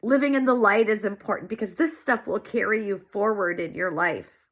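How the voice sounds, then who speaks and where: Woman in her 40s talking from the heart, teary and sniffly, repeats herself for emphasis, medium-pitched voice. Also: normal speed. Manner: emotional, earnest, repeats phrases for emphasis. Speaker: small business owner sharing her story. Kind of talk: heartfelt personal monologue.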